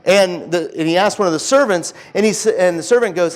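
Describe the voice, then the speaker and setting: A man preaching a casual, conversational sermon in church, retelling a story with lively acted-out dialogue and lots of chatty fillers. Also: high voice, normal speed, few pauses. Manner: animated storytelling, acting out characters' lines, chatty fillers.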